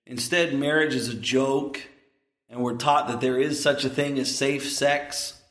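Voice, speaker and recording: A man's voice: mid-range voice, fairly even intonation, unhurried, a bit bright, reverberant. A man in his thirties, a pastor preaching a sermon in an earnest, emphatic way, with asides to the congregation.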